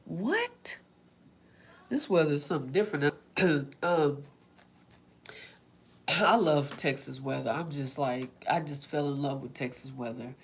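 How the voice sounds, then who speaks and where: A woman's voice: sits low, slightly rough. Chatty woman. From Oklahoma, USA. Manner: chatty and rambling, acting out quotes. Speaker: self-care vlog host. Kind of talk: casual chat with live viewers.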